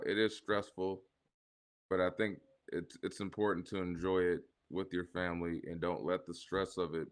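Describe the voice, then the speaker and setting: A man's voice: low-pitched, a bit bright. Male podcast co-host who is a parent. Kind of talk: casual live podcast banter.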